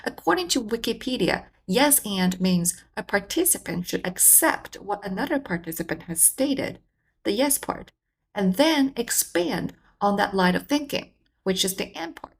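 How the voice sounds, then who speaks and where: A woman hosting a communication channel, giving measured, explanatory scripted narration. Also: mid-range voice, sing-song, gravelly, slightly rough.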